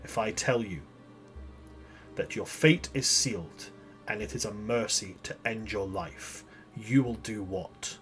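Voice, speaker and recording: A man voicing a stern, grim male warden soldier who speaks in low, quiet, clipped commands over faint music. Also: unhurried.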